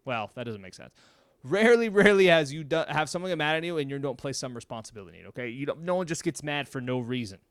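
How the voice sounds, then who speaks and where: A man's voice: a little high, lively intonation, quick pace, clean tone, no room sound, clean studio sound. A man talking casually to camera at home. He is blunt and chatty, checks in with "okay?" and swears now and then. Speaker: mental health video host. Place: home room.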